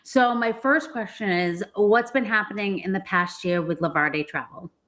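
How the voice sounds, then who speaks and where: A bubbly woman with a Boston accent hosts an online interview. She greets her guest with eager warmth and brisk questions. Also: medium pitch. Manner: bubbly, apologetic. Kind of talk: webinar interview.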